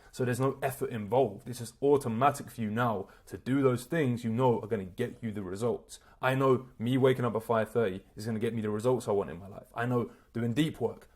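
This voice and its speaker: Energetic man giving a pep talk. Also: mid-range voice. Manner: energetic, swearing, casual slang. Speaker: self-improvement coach. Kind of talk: motivational talk to camera.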